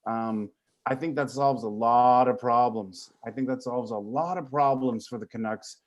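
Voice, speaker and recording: A man's voice: mid-range voice, moderate pace. Profane joking male sports stream host. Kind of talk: casual sports talk stream. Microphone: video call.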